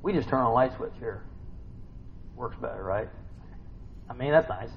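A man giving an informal sermon to a small group. He keeps asking the listeners questions and swings between soft murmurs and loud bursts. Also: mid-range voice, expressive, normal speed, vocal fry, long pauses. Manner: conversational, asks the listeners many questions. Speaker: preacher. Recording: slightly dull recording with faint noise.

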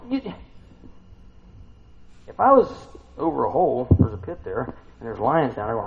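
A man preaching a casual sermon, retelling a scripture story and asking the listeners questions, swinging between loud and soft. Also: medium pitch, very animated, moderate pace, long pauses, highs cut off.

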